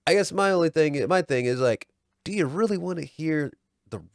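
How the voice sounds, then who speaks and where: A man's voice: fairly high pitch, animated, normal speed, gravelly, no room sound, studio quality. A man co-hosting a podcast, chatting casually in a laid-back, joking way and swearing now and then. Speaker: podcast co-host. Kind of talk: casual chat.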